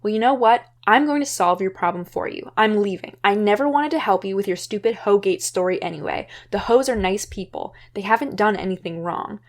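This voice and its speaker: A woman's voice: fairly low pitch, level tone, measured pace, hardly any pauses. Woman playing a fed-up teenage girl lashing out. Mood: angry. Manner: outburst, exasperated. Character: fed-up shy teenage girl finally snapping.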